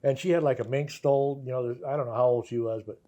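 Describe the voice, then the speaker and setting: An older man, a guitarist, telling anecdotes in a relaxed interview, laughing often and acting out the voices of the people in his stories. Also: mid-range voice, fast talker. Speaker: guest guitarist. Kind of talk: casual storytelling interview.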